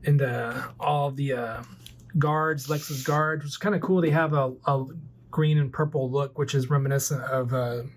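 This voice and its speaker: A man's voice: mid-range voice, steady tone, normal speed, a little hiss or hum. A man in his forties casually retelling a movie plot as a toy collector vlogger, rambling loosely with lots of fillers. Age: 40s.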